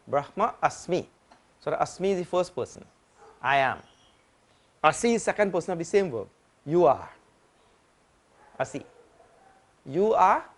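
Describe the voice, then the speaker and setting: Swami teaching patiently. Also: male voice, a little high. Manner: patient, repetitive teaching with simple analogies. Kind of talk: spiritual lecture.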